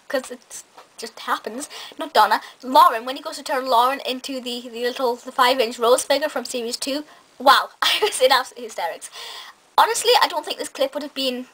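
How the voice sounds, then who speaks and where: A woman's voice: on the high side, a bit bright, low-quality recording. A woman giving a casual, gushing review vlog, correcting herself with small laughs. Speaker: film and TV reviewer.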